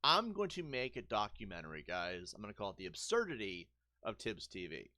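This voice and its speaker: A man ranting sarcastically and profanely while he streams a game. His pitch swings widely as he talks. The sound is dry and close, with no room around him. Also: wildly swooping pitch, brisk, pushed and bright, dry recording. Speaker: gaming streamer. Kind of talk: casual rant over gameplay.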